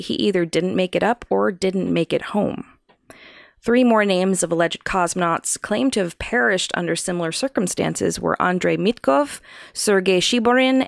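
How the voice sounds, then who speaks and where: A woman co-hosts a casual podcast, working through her prepared notes with a lowish voice full of gravelly fry. She laughs easily at her partner's jokes. The sound is dry and close. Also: no room sound. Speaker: podcast co-host presenting the research. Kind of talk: casual chat reading from notes.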